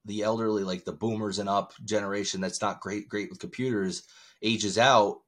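A man's voice: on the low side, steady tone, normal speed, a bit bright. A man hosting a podcast in casual chat, talking bluntly, swearing freely and rambling with restarts. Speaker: podcast host.

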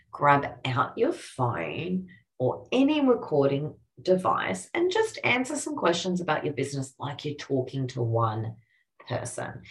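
Low-voiced upbeat Australian woman coach. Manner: upbeat, encouraging, chatty teacher. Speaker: podcast host and copywriting coach. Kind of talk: casual instructional podcast.

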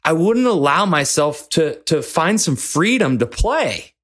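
A man's voice: a little high, sing-song, a little slow, a bit bright. A man hosting a leadership podcast, telling a personal story in an earnest, folksy way with some restarts. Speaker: podcast host and leadership coach.

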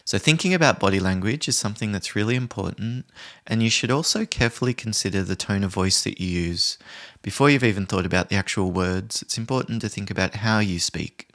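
A man who trains people in conflict resolution, giving a calm, measured solo talk. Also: lowish voice. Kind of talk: podcast explainer, solo talk.

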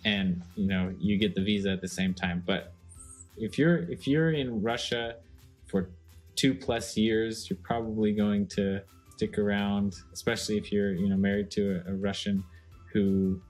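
A man co-hosting a casual podcast chat, relaxed and rambling with lots of fillers. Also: on the low side, normal speed, faint music behind. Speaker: co-host.

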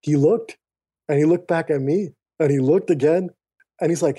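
Guy on a podcast telling his life story, earnest, acts out the dialogue, warm mellow tone. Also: a little high, moderate pace, slightly rough. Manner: earnest, animated retelling with quoted dialogue. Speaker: podcast guest. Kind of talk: personal storytelling in conversation. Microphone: remote call mic.

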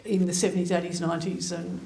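Gravelly, flat-voiced woman in a roomy hall. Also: lowish voice, a little hiss or hum. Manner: halting, many "uh"s. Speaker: audience member asking a question. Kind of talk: question from the audience.

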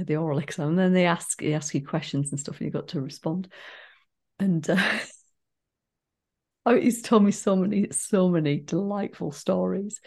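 Female co-host, low gravelly voice, reflective storyteller. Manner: reflective, animated storyteller, drifts off on tangents. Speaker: podcast co-host. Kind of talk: casual podcast chat.

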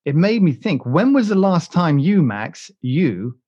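A man's voice: on the high side, big pitch swings, a little slow, mellow, husky, lo-fi sound. A British man hosting a podcast, chatting casually in a rambling, joking way with many restarts and fillers. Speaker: podcast host. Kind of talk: casual chat.

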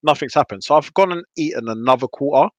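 A man's voice: fairly high pitch, fast talker, no echo, muffled recording. A young man telling a wild story to friends on a podcast, swearing freely and acting out his own panicked voice. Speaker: podcast guest. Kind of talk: casual storytelling.

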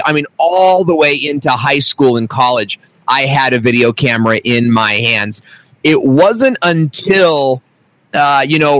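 A man in his thirties, a guest on a podcast, telling his story in an animated, enthusiastic way. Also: medium pitch, no room sound, rough recording. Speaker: podcast guest, video marketing teacher. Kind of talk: casual podcast interview.

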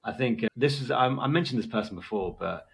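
A man's voice: medium pitch, vocal fry, breathy edge. A man, a doctor, telling candid stories about his early work in a casual chat. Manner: candid storytelling, quick and rambling.

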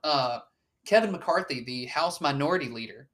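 A man's voice: mid-range voice, lively intonation, normal speed, a bit bright. A man co-hosting a casual political chat, blunt and swearing often, with lots of fillers and restarts. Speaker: podcast co-host.

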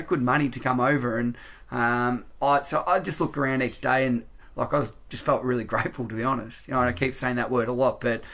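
A man's voice: mid-range voice, a bit bright. A man with a quite Australian accent, a podcast guest chatting casually and rambling with lots of fillers and "mate". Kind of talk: casual interview chat. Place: indoors after a workshop, late at night.

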